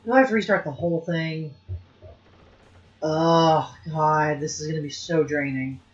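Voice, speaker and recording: Let's play host: casual chatty man talking through a game, dull recording, soft music under it. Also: fairly high pitch, fairly even intonation, unhurried. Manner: chatty, thinking aloud and swearing at the game. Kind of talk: casual gameplay commentary.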